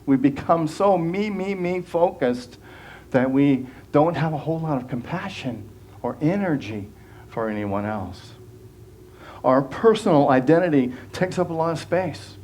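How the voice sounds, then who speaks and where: Man, minister, sermon, fairly high voice, earnest, conversational, frequent restarts. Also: lively intonation, unhurried, darkish tone.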